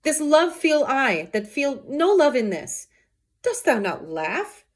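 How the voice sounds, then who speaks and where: A woman reading the lines of a brooding, lovesick young man in old verse, her pitch lifting as she reads. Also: sing-song, slow, heavily acted.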